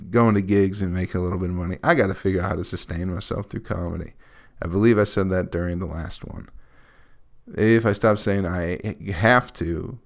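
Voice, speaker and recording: Gravelly-voiced young man, rambling. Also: sits low. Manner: profane, scattered, wry. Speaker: comedian podcaster. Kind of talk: casual rambling monologue.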